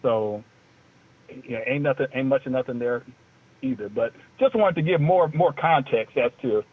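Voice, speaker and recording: A man's voice: mid-range voice, big pitch swings, moderate pace, vocal fry, breathy edge. A man co-hosting a casual talk show, rambling in a loose, joking way. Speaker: co-host. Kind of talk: casual talk-radio chat. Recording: tinny phone line.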